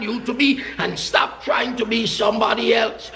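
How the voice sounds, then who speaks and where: A man preaching a sermon with emphatic repetition, often shouting his phrases. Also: very high voice, level tone, moderate pace, gravelly, hardly any pauses. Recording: echoey hall with long reverb.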